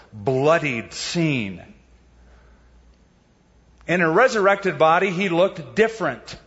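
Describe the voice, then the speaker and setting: A man's voice: on the high side, a bit bright, big-room sound, highs cut off. A male pastor preaching a sermon in a conversational, explanatory way. He poses rhetorical questions and walks his listeners through the story.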